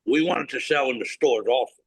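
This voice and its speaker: A man's voice: medium pitch, fast, creaky, husky, no echo, rough recording. A blunt, no-nonsense man, a cigar company founder, telling a story in an interview, acting out both sides of a conversation and swearing freely.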